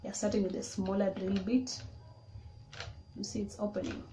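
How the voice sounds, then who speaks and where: A DIY vlogger demonstrates how to use a tool, her medium-pitched voice staying fairly flat at a normal speed. She explains each step plainly and casually. The recording was made in an echoey room, and the noise is clearly audible.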